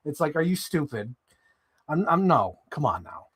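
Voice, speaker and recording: Male streamer, casual and animated, swears often, with a swinging, lively pitch. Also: normal speed, breathy edge. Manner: animated, swearing, jumps into high mock voices. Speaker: live streamer. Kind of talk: casual live stream chat while handling toy figures.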